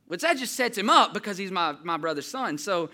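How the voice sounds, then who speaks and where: A man preaching a casual, story-driven sermon, talking to the congregation like friends and putting on children's voices in his anecdotes. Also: normal speed. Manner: animated storytelling, jumps higher and louder when quoting children. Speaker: pastor. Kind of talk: conversational sermon with stories.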